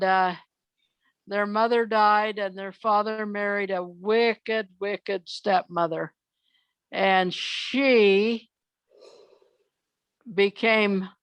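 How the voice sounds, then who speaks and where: An older woman telling children's fairy tales from memory, unhurried, often pausing on "uh". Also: mid-range voice, a bit bright, smooth, no echo. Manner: unhurried, with frequent "uh" pauses. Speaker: storyteller.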